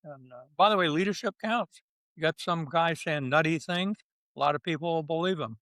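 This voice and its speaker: A man's voice: fairly high pitch, brisk, fairly bright tone, no echo. Blunt, emphatic older man, dry sound. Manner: blunt, emphatic, with short punchy phrases. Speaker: retired general, guest. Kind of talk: candid interview talk.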